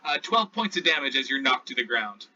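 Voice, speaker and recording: A man narrating as game master in a tabletop game, slow and animated. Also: medium pitch. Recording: dull lo-fi audio.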